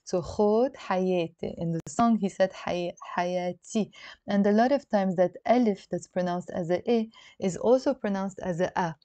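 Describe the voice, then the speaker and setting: A woman's voice: medium pitch, fairly quick, mellow, dry recording, muffled recording. A woman with a Lebanese accent teaching an online language lesson, explaining patiently and often checking in with "okay?". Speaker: Arabic teacher. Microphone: video call.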